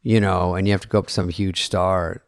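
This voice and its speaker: A man co-hosting a casual chat, riffing quickly on jokes and laughing often. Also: low-pitched, little pitch movement, clear, resonant tone, no echo. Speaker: podcast co-host.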